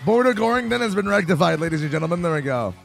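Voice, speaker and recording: Excitable gravelly young man gaming. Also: high-pitched, racing, faint music behind. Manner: excitable, swearing, talks to chat. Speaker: streamer playing a strategy game. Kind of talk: casual gameplay commentary.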